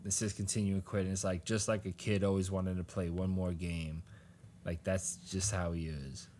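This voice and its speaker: Low-voiced man rambling through a recap. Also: flat delivery, moderate pace, warm tone, a little hiss or hum. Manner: rambling, laughs often, acts out quoted lines. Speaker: podcast co-host. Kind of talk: casual chat recapping a comic.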